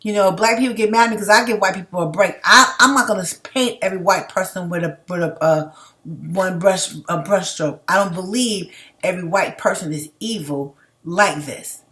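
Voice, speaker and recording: A woman's voice: fairly low pitch, normal speed, fairly bright tone. An outspoken woman giving casual, emphatic commentary as she reads out viewer comments, laughing between points. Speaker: livestream commentator.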